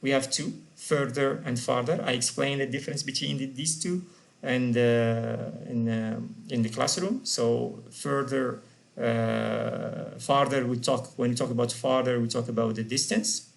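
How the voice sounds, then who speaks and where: A man's voice: mid-range voice, fairly even intonation, a little slow, vocal fry. A man teaching an English grammar lesson, patiently repeating and spelling out example words.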